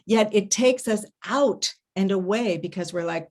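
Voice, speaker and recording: A woman giving an online workshop talk as an intimacy coach, animated and expressive, often humming and murmuring to demonstrate sounds. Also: mid-range voice, measured pace, hardly any pauses. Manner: animated storytelling, laughs often. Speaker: intimacy coach and festival presenter. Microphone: home setup, online stream.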